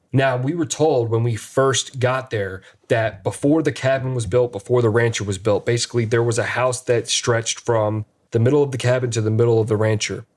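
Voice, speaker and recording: A man, a paranormal investigator, casually retelling an investigation with animated re-enacted dialogue. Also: medium pitch. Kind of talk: casual storytelling.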